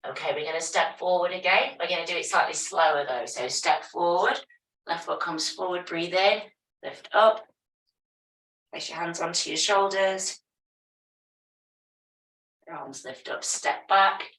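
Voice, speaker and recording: Low-voiced woman calling yoga cues. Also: measured pace, long pauses. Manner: calm step-by-step movement cues. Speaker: yoga teacher. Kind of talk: guiding a yoga class. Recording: echoey room, voice from a distance.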